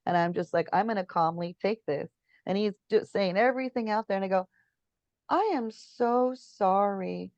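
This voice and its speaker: A woman's voice: mid-range voice, fast, darkish tone, no echo, muffled recording. A woman in a casual spiritual chat, telling stories, acting out quotes and searching for words as she goes. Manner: chatty storyteller, acts out quotes, searches for words. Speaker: guest.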